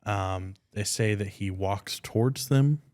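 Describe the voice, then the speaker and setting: A man's voice: fairly low pitch, slow pace. Young man telling a wild story. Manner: loose, swearing, excitable storytelling. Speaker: podcast co-host. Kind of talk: casual chat.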